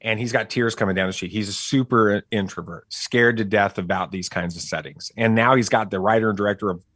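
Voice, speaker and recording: A middle-aged man telling a family story casually as a podcast guest, animated and full of fillers and restarts. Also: fairly low pitch, a little fast, dry recording, clean studio sound.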